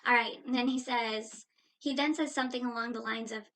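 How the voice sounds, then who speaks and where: A young woman in her late teens, chatting casually in a home reaction vlog, telling a story with animated exasperation. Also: a little high, fairly quick. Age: young adult. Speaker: vlogger. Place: indoors at home.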